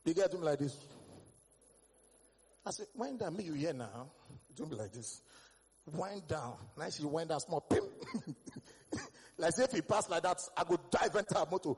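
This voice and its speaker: A high-pitched Nigerian man with a husky edge performs stand-up, spinning stories in Pidgin-laced English and breaking into loud shouts. His voice rings through a hall with a long, trailing reverb. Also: moderate pace, long pauses. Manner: animated storytelling with Pidgin English, bursts of shouting. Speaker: stand-up comedian. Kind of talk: stand-up comedy set.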